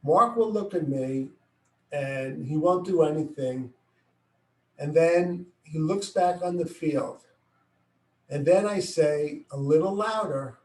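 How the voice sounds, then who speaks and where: A middle-aged man explains a baseball play step by step, acting out what he calls to his players. His voice sits slightly high. He stands away from the mic, and the room echoes around him. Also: slow, pauses often, recorded from a distance. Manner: explains plays step by step, acts out yelling at players. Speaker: baseball coach. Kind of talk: coaching instruction.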